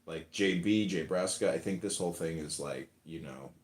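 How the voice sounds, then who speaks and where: Low-voiced guy hosting a chat, rambling and swearing, roomy echo. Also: moderate pace. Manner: rambling, profane, acts out quotes. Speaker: podcast host. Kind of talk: casual chat, storytelling.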